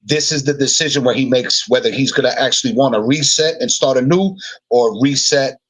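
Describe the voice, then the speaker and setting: A man's voice: mid-range voice, brisk, a bit bright, low-quality recording. A man co-hosting a podcast, thinking aloud and repeating words as he writes notes in a casual brainstorming chat. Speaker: podcast co-host.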